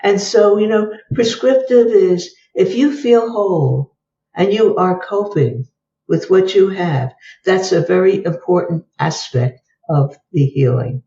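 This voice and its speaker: An older woman guest tells case stories and acts out both sides of each exchange in a lively way. Her voice is warm and dark. It sounds dull and roomy, as if she sat back from the microphone. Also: on the low side, measured pace, vocal fry, far from the mic, slight background noise. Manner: lively storyteller who acts out the dialogue. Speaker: guest psychologist. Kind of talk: telling case stories in an interview.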